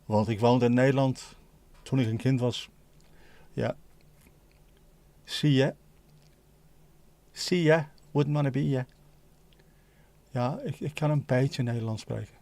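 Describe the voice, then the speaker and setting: A man's voice: medium pitch, fairly even intonation, normal speed, creaky, warm tone, dry recording. A man hosting a casual livestream, reading out viewer comments with jokey banter and slipping into bits of Dutch and Spanish. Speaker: livestream host.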